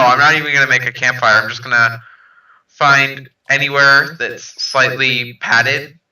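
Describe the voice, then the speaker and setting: A man with a very bright, sharp voice playing a tabletop game. He speaks slowly and thinks out loud, revising what his character will do. He sits away from the mic in an echoey room. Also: medium pitch, recorded from a distance. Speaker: player. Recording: roomy, from off mic.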